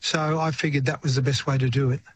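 A man's voice: medium pitch, steady tone, fast talker, slight background noise. An older man with an Australian accent, a retired singer-songwriter speaking as a radio interview guest, reflective and rambling, with frequent restarts.

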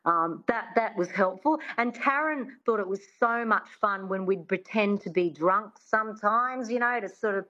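Chatty Australian accent coach, dull line. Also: female voice, medium pitch, animated, measured pace, hardly any pauses, sharp tone. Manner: chatty, many restarts and "I mean". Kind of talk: interview guest.

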